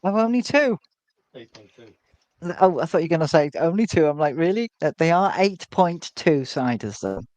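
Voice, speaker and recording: A British man hosting a casual livestream chat from a beach hut, chatty and quick to laugh. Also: fairly high pitch, expressive, darkish tone, dry recording, rough recording. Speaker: livestream host.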